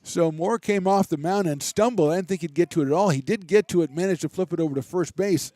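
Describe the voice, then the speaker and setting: A man doing relaxed, chatty play-by-play commentary for a college baseball game, with self-deprecating asides. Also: sits high, quick pace, no room sound. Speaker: play-by-play announcer.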